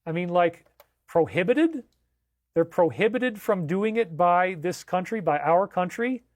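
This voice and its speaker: A man's voice: high voice, normal speed, no echo, studio quality. A man hosting a livestream, talking in an emphatic, incredulous way and repeating himself for effect. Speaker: livestream host. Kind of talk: livestream commentary.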